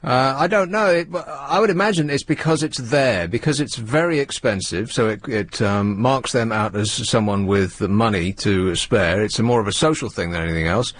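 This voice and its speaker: A man's voice: medium pitch, moderate pace, few pauses. Dry, teasing male radio co-host. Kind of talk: casual radio banter.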